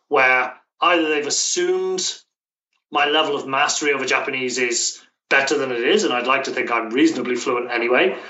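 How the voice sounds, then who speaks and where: Interview guest: British male language coach. Thoughtful and self-correcting. Bright tone, recorded off-mic in an echoey room. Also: medium pitch, recorded from a distance, highs cut off. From Britain. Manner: thoughtful, many restarts and hedges. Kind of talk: casual interview conversation.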